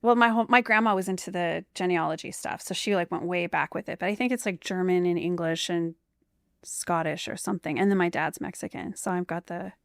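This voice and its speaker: A woman's voice: lowish voice, fairly quick, vocal fry, a bit bright, dry recording, clean studio sound. A woman hosting a podcast interview, easygoing and encouraging as she asks her guest questions. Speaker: podcast host. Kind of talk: casual interview chat.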